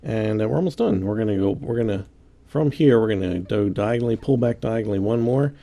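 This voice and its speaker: Male tutorial host, low and gravelly, mellow tone, easygoing self-joking delivery. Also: fast. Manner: counts aloud, relaxed and self-joking. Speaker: game building tutorial host. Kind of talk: casual step-by-step building commentary.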